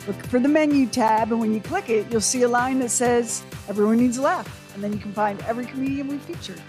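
A woman's voice: on the high side, fast, over music. A woman co-hosting a radio show, teasing and playful in casual banter.

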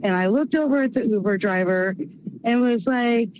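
A woman's voice: a little high, brisk, no echo. A woman from Oklahoma with a light Midwestern accent leaves a rambling, self-mocking voicemail. The sound is thin and tinny, as if played over a phone line. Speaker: caller. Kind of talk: voicemail message.

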